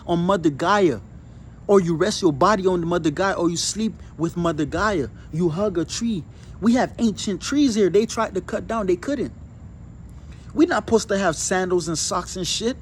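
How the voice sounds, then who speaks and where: Man, high voice, emphatic preachy spiritual talk, faint outdoor hiss. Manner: chanting affirmations. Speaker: spiritual speaker. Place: outdoors on grass.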